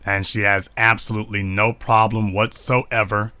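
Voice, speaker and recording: A man's voice: lowish voice, little pitch movement, normal speed, bright, forceful tone, clear, resonant tone, no echo. A man giving live-streamed social commentary, indignant and preachy, hammering points home with repeated rhetorical questions. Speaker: online commentator.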